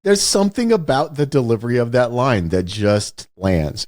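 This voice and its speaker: A man's voice: medium pitch, sing-song, normal speed, darkish tone, no room sound, clean studio sound. A man co-hosting a podcast, chatting casually about a movie in an emphatic, wry way and repeating his points. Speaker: podcast co-host.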